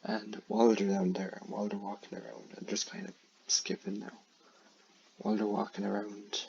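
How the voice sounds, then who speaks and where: Low gravelly guy rambling thru a story with lots of ums, dull lo-fi sound. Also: little pitch movement, moderate pace, a little mellow, a little hiss or hum. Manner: rambling, with many fillers and restarts. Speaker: creator retelling his own film idea. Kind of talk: casual spoken plot retelling. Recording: dull lo-fi recording.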